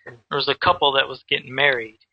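A man telling a story in casual chat, animated, with many restarts and repeated words. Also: mid-range voice, fast talker, husky, dry recording, dull audio. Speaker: guest who makes custom action figures.

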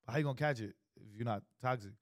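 Animated, profane young man. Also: mid-range voice, very fast, dry recording, clean studio sound. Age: 20s. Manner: animated, profane, acts out quoted exchanges. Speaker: podcast co-host. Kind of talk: casual chat.

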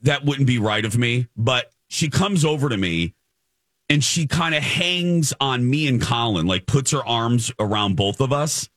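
A man's voice: mid-range voice, animated, unhurried, fairly bright tone, no room sound, clean studio sound. A man in his forties, a radio co-host, telling a personal story in casual chat and acting out the quotes. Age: 40s.

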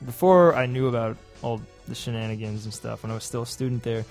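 A young man telling stories in casual chat, animated, often imitating the people he describes. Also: medium pitch, fast talker, soft background music. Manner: animated storyteller, mimics officials. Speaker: podcast guest who lived in Japan.

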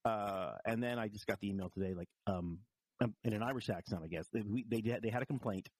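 A man's voice: lowish voice, quick pace, a little mellow, slight background noise. A man co-hosting a podcast, telling a long anecdote in casual chat with many restarts and a dry tone. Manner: rambling, restarts, dry storytelling. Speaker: podcast co-host and commentator.

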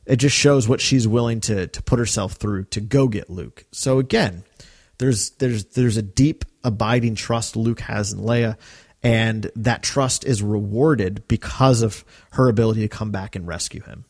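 A man's voice: fairly low pitch, unhurried, a little mellow, dry recording, clean studio sound. A man co-hosting a podcast, talking things through in a casual, rambling way with many fillers and restarts. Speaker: podcast co-host.

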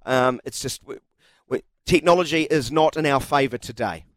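A man with a New Zealand accent hosting a sports radio show, quick with teasing banter. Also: mid-range voice, dry recording. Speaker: radio host. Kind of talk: casual sports radio chat.

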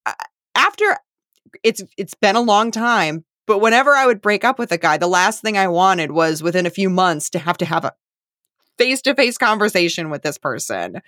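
Animated woman podcast co-host. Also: normal speed, no echo, studio quality. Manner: animated, swoops up high when quoting others. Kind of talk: casual recap chat.

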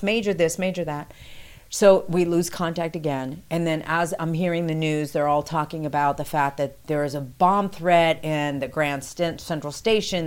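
Interview guest, woman, lower-pitched, tells stories with lively acted-out quotes. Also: smooth. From New York City. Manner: animated, acts out quoted dialogue with rising pitch. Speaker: guest recounting past experience. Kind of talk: conversational storytelling.

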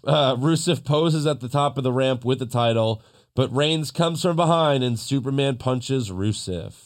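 A man hosting a casual podcast, recapping wrestling with animated storytelling and mocking impressions. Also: medium pitch, normal speed. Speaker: podcast host.

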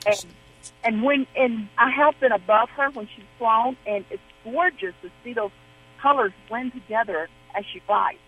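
A woman's voice: fairly high pitch, moderate pace, a little hiss or hum. A woman phoning in to a radio show with a question about her pet, chatty and rambling, restarting her sentences as she goes. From Arizona, USA. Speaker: caller. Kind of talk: phone-in question. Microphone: telephone. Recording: dull lo-fi phone line.

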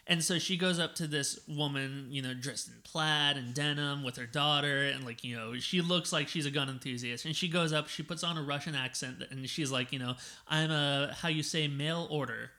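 A man co-hosting a casual film podcast, excitably retelling scenes and quoting the characters' lines. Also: on the high side, brisk, hardly any pauses. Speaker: podcast co-host.

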